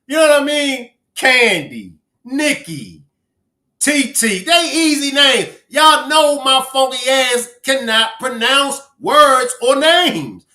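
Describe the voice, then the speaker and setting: Extremely high-pitched and sharp, this Baltimore man is animated yet takes his time while hosting a casual stream. He jokes around with viewers and reads their names aloud, with a roomy echo in the audio.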